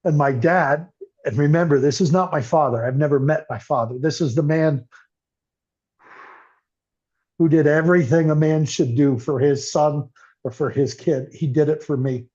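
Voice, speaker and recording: Heard through muffled lo-fi sound, an older podcast guest earnestly and emotionally describes his recovery. His husky voice is on the high side and a little mellow, delivered at a moderate pace.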